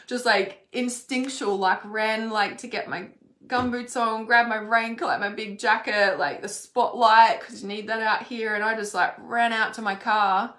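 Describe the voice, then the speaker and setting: A woman tells a story from her own life in a loose, rambling monologue. She swears freely and fills her talk with "like". Her voice sits at a middle pitch, and the room around her gives off a roomy echo. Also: fairly bright tone. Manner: chatty, swears freely, heavy use of "like". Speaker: spiritual content creator.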